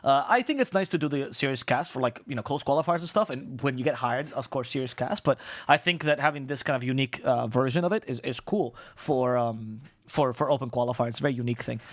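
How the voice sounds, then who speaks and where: Fast-talking man caster. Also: mid-range voice, dry recording, clean studio sound. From Spain. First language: Spanish. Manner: fast, rambling, profane, restarts words. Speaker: esports caster and streamer. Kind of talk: casual live-stream chat.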